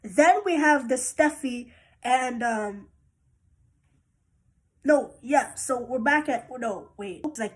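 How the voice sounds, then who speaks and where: Rambling high-voiced woman recapping. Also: lively intonation, slow. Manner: rambling, many fillers and self-corrections. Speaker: soap opera recapper. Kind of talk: casual recap chat.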